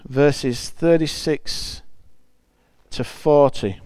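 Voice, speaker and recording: A man's voice: fairly high pitch, drawn-out words, a little mellow, no echo. A man preaching a conversational sermon. He reads scripture aloud and explains it in a chatty, emphatic way, often restarting phrases.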